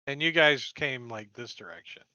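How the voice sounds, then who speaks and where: A man's voice: mid-range voice, animated, normal speed, pushed and bright, no room sound. A man narrating a tabletop game as game master, explaining patiently and restarting his sentences.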